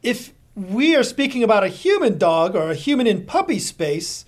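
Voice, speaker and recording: Host asking long rambly questions, lots of ums, mid pitch. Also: sing-song, normal speed. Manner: rambling, hesitant questions with many "um"s. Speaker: podcast host. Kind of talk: casual interview questions.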